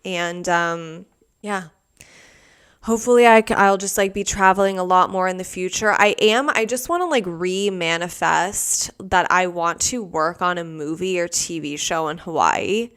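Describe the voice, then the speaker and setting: A woman's voice: on the low side, moderate pace, a bit bright, clear, resonant tone. A young woman hosting a solo podcast, rambling casually with lots of "like" and dramatizing everyday mishaps. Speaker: podcast host.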